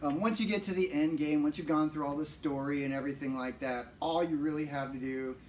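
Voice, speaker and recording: A man's voice: fairly high pitch, fairly even intonation, brisk, a little mellow. A man in his forties co-hosting a podcast, laid-back and joking, swearing freely. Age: 40s. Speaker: podcast co-host. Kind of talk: casual chat. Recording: distant mic with faint noise.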